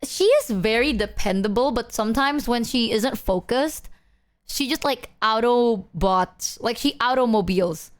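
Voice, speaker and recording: A woman's voice: fairly high pitch, a little slow. A young woman streamer telling a long story to her viewers, rambling with lots of fillers and laughing often. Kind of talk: casual chat to stream viewers.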